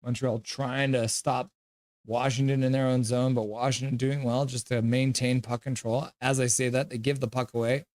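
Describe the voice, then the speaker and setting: Young male stream host, mid-pitched voice, loose play-by-play with jokes and comment reading. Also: little pitch movement, normal speed, a little mellow, no echo, clean studio sound. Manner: jokey, chatty, reads viewer comments aloud. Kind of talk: live play-by-play and chat reaction.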